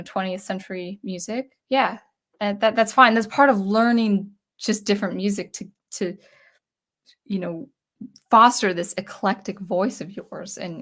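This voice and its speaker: A young adult woman, a composer, thinking aloud in a casual talk to camera, with frequent restarts. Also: mid-range voice. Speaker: composer vlogger.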